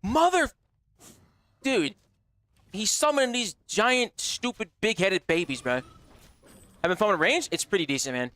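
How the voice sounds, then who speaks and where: Swearing and joking through a live game, this male streamer speaks brashly and directly to his audience in loose stream chatter. The voice sits high with lively intonation at a normal speed, sounding pushed and bright.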